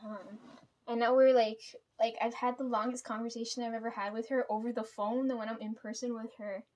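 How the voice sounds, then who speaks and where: A woman's voice: a little high, little pitch movement, brisk, a little mellow. A young adult woman telling a casual personal vlog story, rambling with many fillers and tag questions and swearing freely. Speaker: vlogger.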